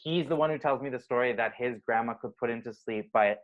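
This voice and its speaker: A man's voice: medium pitch, fast, phone-quality sound. A man co-hosting a podcast, telling family stories in casual chat with lots of fillers. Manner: chatty storytelling with many fillers. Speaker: podcast co-host.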